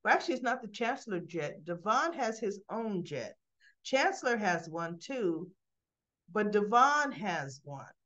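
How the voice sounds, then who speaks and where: A woman host chatting casually, retelling a story in an animated way with asides, with dull lo-fi sound. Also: mid-range voice, a little slow. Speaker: channel host recapping a soap opera.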